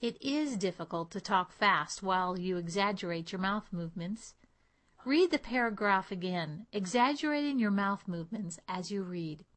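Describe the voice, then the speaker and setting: Woman teaching a speech lesson, steady and clear, mid pitch. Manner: clear, measured teaching delivery. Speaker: accent coach. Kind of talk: instructional lesson.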